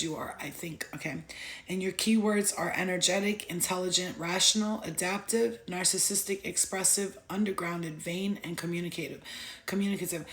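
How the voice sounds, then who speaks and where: A young woman giving a casual astrology talk, blunt and profane, telling lively stories. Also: lowish voice, reverberant. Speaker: astrology vlogger.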